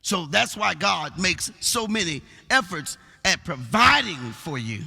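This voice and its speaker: A male pastor preaching a sermon, repeating words as he builds, and rising into rhythmic sung shouts. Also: sits high, big pitch swings, unhurried, creaky, breathy edge. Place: church sanctuary. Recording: long reverb of a large church hall.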